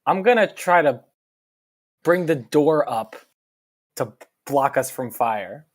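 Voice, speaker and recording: A man's voice: fairly high pitch, animated, slow. A man playing in a tabletop role-playing game, joking and eager. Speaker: player. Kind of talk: casual tabletop game talk.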